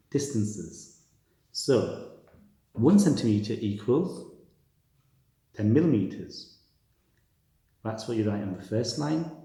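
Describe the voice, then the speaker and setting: Man, tutor, low gravelly voice, mellow tone, step-by-step reasoning, very echoey room. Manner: reasons aloud step by step, repeats key words. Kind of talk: maths lesson walkthrough.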